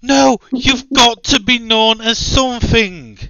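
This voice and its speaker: A man's voice: extremely high pitch, slow pace, pushed and bright, no room sound, dull audio. A man hosting a podcast, ranting in exasperated, repeated questions. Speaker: podcast host. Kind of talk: casual opinion chat.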